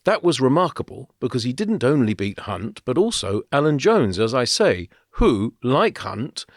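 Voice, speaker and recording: A man's voice: medium pitch, very animated, moderate pace, dry recording. Guy cohosting a podcast, rambly storytelling, dry close mic. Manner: chatty, storytelling, with fillers and laughs. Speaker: podcast co-host. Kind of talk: casual podcast chat.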